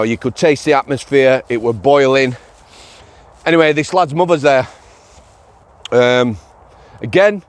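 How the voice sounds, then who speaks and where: A middle-aged man, a former prison officer hosting a podcast and telling a story in a rambling, anecdotal way with fillers. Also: mid-range voice. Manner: rambling anecdotal delivery with frequent fillers and chuckles. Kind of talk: casual storytelling monologue.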